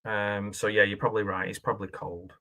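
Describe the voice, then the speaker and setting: Bright-voiced chatty man. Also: fairly low pitch, flat delivery, brisk. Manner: chatty and rambling, with frequent laughs and self-questioning asides. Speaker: film commentator. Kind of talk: casual film reaction commentary.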